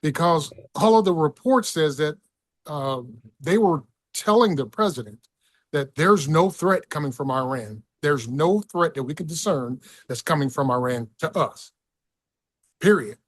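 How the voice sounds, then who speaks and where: A middle-aged man talking as a podcast guest, excitable and profane, often stumbling over his words. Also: on the high side, measured pace. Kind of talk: casual political chat.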